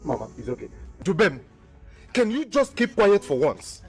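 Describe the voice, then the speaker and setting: A man's voice: medium pitch, a little slow, warm tone, close to an everyday voice. A man playing a successful brother who lectures his jobless twin with exasperation. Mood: exasperated. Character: successful, fed-up older brother. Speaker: successful brother chairing a family meeting. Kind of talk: Nollywood comedy skit acting. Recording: music in the background.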